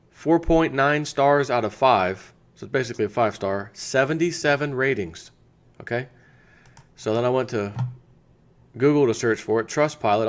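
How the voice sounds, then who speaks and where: American man, chatty channel host, rambling casual talk, mid-pitched voice. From United States. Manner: chatty, rambling, thinks aloud with restarts. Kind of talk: casual sponsor segment.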